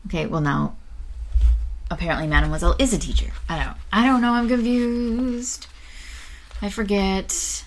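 A woman's voice: lowish voice, normal speed. A woman hosting a show and reading a classic novel aloud, stumbling now and then and breaking off for chatty asides. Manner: unpolished, stumbles and corrects herself, chatty asides. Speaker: reader and show host.

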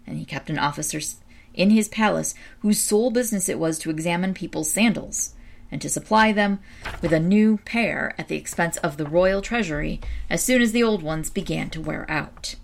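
A woman reading a storybook aloud with a low, gravelly voice. Her reading is measured and expressive. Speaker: narrator.

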